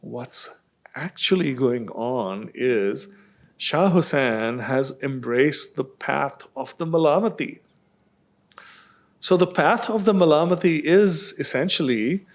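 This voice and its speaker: A male author at a literary panel, talking through a story in a measured, explanatory way with many fillers. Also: mid-range voice, gravelly.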